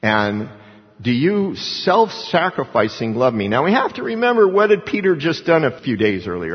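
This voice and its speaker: A man preaching a sermon in a casual, conversational way, jumping up in pitch when he acts out quotes. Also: very animated, normal speed, breathy edge, long reverb tail, lo-fi sound. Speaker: pastor.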